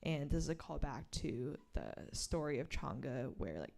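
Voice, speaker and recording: A woman author reading from her graphic memoir and explaining its pages, a lively storyteller who acts out the quoted lines. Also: extremely low pitch, measured pace, vocal fry. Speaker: author at a bookstore event.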